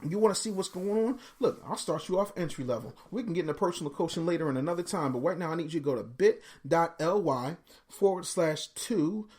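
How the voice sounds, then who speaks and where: A man's voice: a little high, animated, a little fast, darkish tone. Emphatic, slangy motivational speaker man. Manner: emphatic, preachy, slangy, repeats words. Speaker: motivational podcast host. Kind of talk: live motivational talk.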